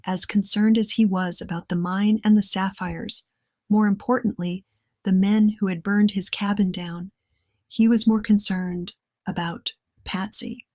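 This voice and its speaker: A woman reading her own novel aloud as audiobook narrator, in a calm, measured way. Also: mid-range voice, dry recording.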